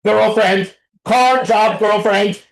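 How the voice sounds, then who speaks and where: A man speaking to a recovery group in an impassioned, confessional way, blunt and profane, dropping low and then shouting. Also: steady tone, slow, gravelly. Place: group meeting room. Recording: roomy echo.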